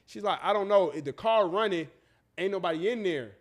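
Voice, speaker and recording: A man's voice: high-pitched, brisk. A man hosting a podcast, telling a story in casual, profane chat and acting out the people in it. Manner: animated, profane, acts out voices in his story. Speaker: podcast host.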